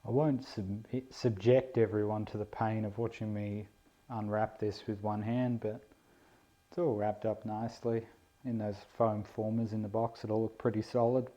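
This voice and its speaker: A man's voice: on the low side, little pitch movement, normal speed, mellow. A man giving a laid-back, self-deprecating unboxing commentary on a model plane, indoors on a camera mic. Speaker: RC plane hobbyist vlogger. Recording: dull lo-fi camera audio.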